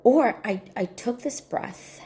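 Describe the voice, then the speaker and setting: A woman's voice: fairly high pitch, expressive, takes it slowly, warm tone, slight background noise. A woman sharing a personal reflection in casual talk, earnest and repeating her key points for emphasis. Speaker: spiritual healing coach.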